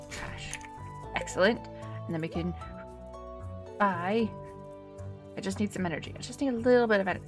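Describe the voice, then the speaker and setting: A woman's voice: medium pitch, vocal fry. Chatty woman streaming a farming game. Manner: chatty, thinks aloud, giggly asides. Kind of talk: casual live gameplay commentary.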